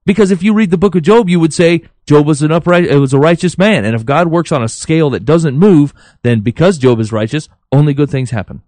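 A man's voice: on the high side, a little fast, hardly any pauses, darkish tone, dry recording. A man co-hosting a podcast, giving his views earnestly, thinking aloud with many fillers and restarts. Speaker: podcast co-host. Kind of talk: casual opinion chat.

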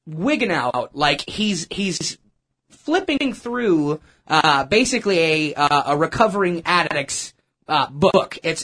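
A man telling a personal story in a casual, animated, self-mocking way, with lots of restarts. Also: on the high side. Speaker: churchgoer sharing a testimony.

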